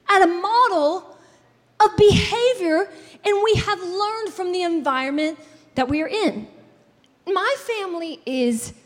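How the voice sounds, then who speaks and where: A woman in her thirties, a pastor preaching a sermon in a church, talking to the congregation in an animated, conversational way with playful asides. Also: very high voice. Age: 30s. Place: church sanctuary. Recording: long hall reverb in a church.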